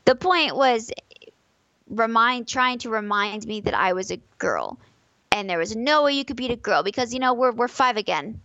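A woman's voice: a little high, animated, normal speed, fairly bright tone, dry recording, highs cut off. Emphatic woman on a dry mic. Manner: emphatic, repeats key phrases. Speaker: podcast guest, competitive fighting game player. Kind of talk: casual podcast conversation.

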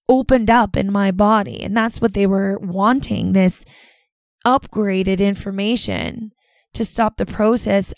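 A woman's voice: mid-range voice, gravelly, darkish tone, no echo. A middle-aged woman hosting a podcast, telling a personal story in an earnest, rambling way with many fillers. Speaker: podcast host.

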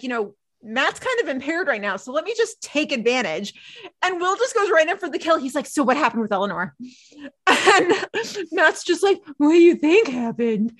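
Woman podcast co-host, casual recap, high voice that swoops around, animated. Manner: animated, laughs often, acts out characters' lines.

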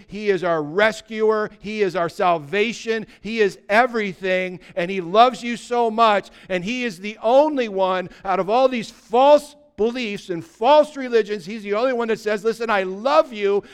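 Male pastor, fervent sermon delivery, fairly high, smooth resonant voice. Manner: urgent, emphatic preaching with repeated short declarations.

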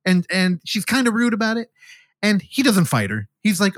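Lively rambling man reviewing a movie. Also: high voice, moderate pace, dry recording, clean studio sound. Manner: rambling, jokey, acts out characters' lines. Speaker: podcast co-host. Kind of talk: casual podcast film review.

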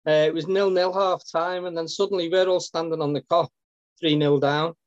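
A man's voice: on the high side, steady tone, normal speed, no room sound. A man co-hosting a podcast, eagerly recalling old matches as a fan. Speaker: podcast host. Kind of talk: casual chat. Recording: dull dry lo-fi sound.

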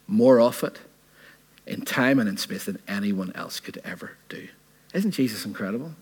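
Male preacher, husky voice, earnest and conversational, keeps asking the congregation questions. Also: fairly low pitch. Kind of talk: sermon.

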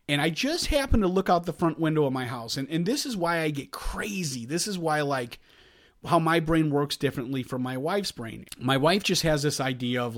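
A middle-aged man hosting a podcast, telling an exasperated story in casual chat and acting out the yelling. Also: fairly high pitch. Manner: animated, exasperated storytelling with yelled reenactments. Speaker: podcast co-host.

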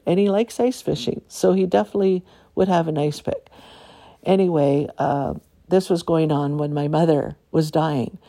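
A woman's voice: on the low side, gravelly, warm tone. An older woman from Canada talking in a rambling, aggrieved personal monologue with many restarts.

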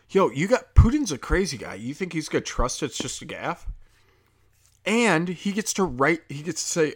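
Young guy ranting on his podcast, swears a lot, heated, mid-pitch voice. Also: moderate pace. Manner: profane, heated, animated ranting with mocking quoted voices. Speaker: comedian podcast host. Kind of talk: casual ranting monologue.

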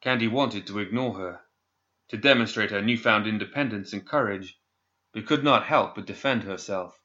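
Low, bright-toned male narrator. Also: normal speed. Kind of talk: scripted audiobook narration. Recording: dull lo-fi recording.

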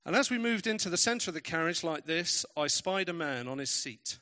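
Guy preaching, bright voice, kinda high, leans into the story bits. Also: animated, brisk. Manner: storytelling, emphatic, varied pacing. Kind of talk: sermon.

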